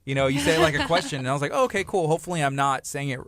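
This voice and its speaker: A man's voice: on the high side, sing-song, rapid-fire, fairly bright tone, no echo. Radio co-host, male, 30s, chatty and laughing, dry close studio sound. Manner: chatty, laughs often, tells anecdotes. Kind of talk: casual morning radio chat.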